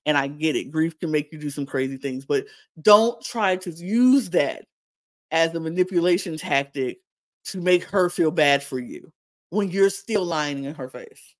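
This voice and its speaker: A podcast co-host giving a casual reality-TV recap. The speaker sounds incredulous and animated and repeats lines for emphasis. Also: mid-range voice, measured pace, dry recording.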